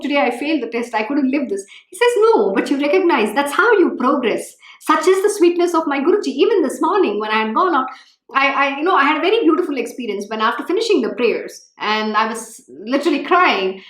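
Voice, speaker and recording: Woman, spiritual teacher; fervent, emphatic reading, animated pitch, roomy echo. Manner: fervent, emphatic, repeats phrases. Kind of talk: devotional scripture reading and talk.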